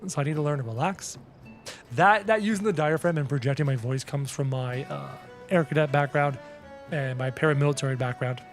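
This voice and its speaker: A man's voice: on the high side, a little fast, soft background music. Man streamer with a projecting voice. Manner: projects his voice, loud and energetic. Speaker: game streamer. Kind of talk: casual live-stream chat.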